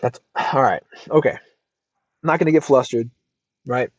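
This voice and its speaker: An American man hosting a casual advice podcast, reacting to a post in an emphatic, lively way and swearing freely. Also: medium pitch, moderate pace, dry recording. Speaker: podcast host. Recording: dull lo-fi dry sound.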